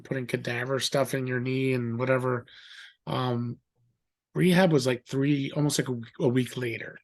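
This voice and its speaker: A middle-aged man telling a story in a rambling, animated way, acting out the voices of others. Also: mid-range voice. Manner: animated, acts out quoted voices; rambling with fillers and restarts. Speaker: guest. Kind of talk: casual storytelling.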